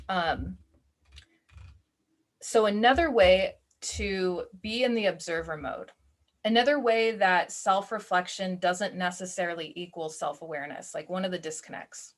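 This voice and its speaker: A woman's voice: on the low side, unhurried. Woman coach talking through a self-awareness class, loose and chatty, acts out her own inner voice now and then. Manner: casual, chatty, with fillers and acted self-talk. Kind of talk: live online class.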